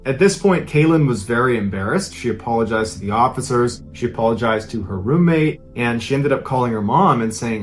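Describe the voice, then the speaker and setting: A man's voice: medium pitch, animated, brisk, hardly any pauses, soft background music. A man narrating a true-crime story in a dramatic, conversational retelling.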